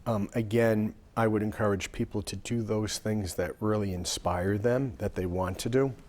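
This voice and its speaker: A Rhode Island man in his sixties, a lawyer appearing as a guest, speaks in a somewhat low voice. He responds to interview questions with long, relaxed anecdotes, pausing on filler words along the way.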